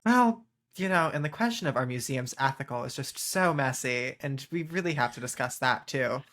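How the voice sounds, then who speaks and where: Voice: medium pitch, animated, moderate pace, a bit bright. A player in a tabletop game who thinks aloud hesitantly. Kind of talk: casual tabletop play.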